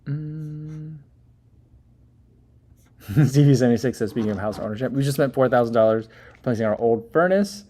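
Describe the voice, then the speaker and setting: A man's voice: mid-range voice, lively intonation, moderate pace, pauses often, mellow. A man in his thirties hosting a casual livestream, reading viewer comments and chatting in a rambling way with many fillers and small laughs. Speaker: livestream host reading chat.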